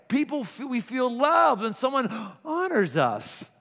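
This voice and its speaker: A middle-aged man preaching with a fairly high voice and plenty of animation, jumping into small acted-out scenes with gasps and chuckles. His sermon rings out through a large church hall with a long reverb tail. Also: brisk, few pauses. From Pittsburgh. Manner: animated, acts out little scenes with gasps and laughs. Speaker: pastor.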